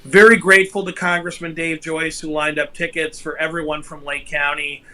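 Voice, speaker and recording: Male guest, bright and tense, slightly high, matter-of-fact. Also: flat delivery, normal speed, poor audio. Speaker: guest commissioner. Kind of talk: casual talk show guest.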